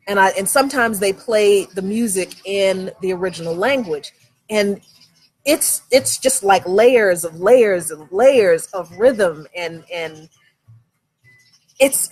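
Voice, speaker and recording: A woman's voice: medium pitch, slightly rough. Chatty, enthusiastic woman from Virginia. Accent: faint Southern American. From Virginia, USA. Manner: chatty and enthusiastic, with frequent laughs. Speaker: livestream host. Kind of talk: casual outdoor livestream chat, reading viewer comments. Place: outdoors at home in the evening.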